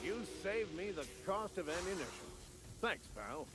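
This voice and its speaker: An actor playing a swaggering, boastful male ship captain in a video game, with a booming announcer-like delivery and grandiose, old-fashioned phrasing. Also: lively intonation, normal speed, music in the background.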